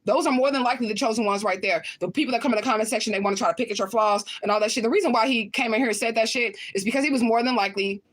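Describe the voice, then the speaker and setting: A woman rants to her livestream chat. She talks fast with a fairly high pitch. She stays heated and profane the whole time. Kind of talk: livestream rant to viewers.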